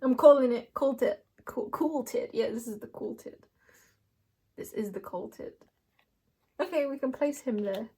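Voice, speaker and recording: A woman's voice: on the high side, expressive, measured pace, pauses often, warm tone, breathy edge. A young woman doing a casual card reading, playful and rambling, laughing often as she talks to herself and the viewer. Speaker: tarot reader.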